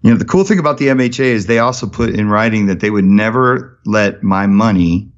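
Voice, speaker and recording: A man guesting on a podcast, telling stories in an energetic, animated way. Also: lowish voice, lo-fi sound. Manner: energetic storyteller, rapid and animated. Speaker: podcast guest, charity founder. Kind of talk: casual podcast conversation.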